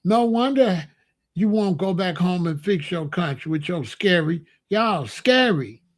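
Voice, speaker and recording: Speaking to camera in a measured way, this Chicago commentator has a voice that sits high. He drags out words to hammer his points home in a repetitive, forceful rant.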